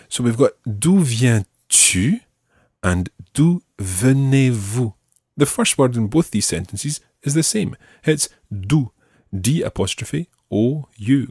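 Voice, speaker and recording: Low-voiced man teaching French. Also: a little mellow, dry recording, studio quality. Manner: slow, carefully enunciated model phrases. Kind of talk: language lesson.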